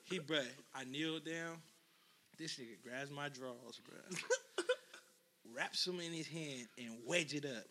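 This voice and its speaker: Bright, high-voiced young man telling stories. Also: a little slow, slight background noise. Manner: animated, laughs often, acts out quotes. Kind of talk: casual storytelling chat.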